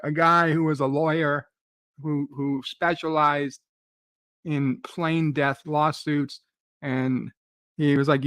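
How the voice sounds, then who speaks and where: Male streamer, agitated profane rant with stammering restarts; slightly high voice, dry close mic. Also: fairly bright tone, no room sound. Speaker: live stream host. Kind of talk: ranting dream retelling.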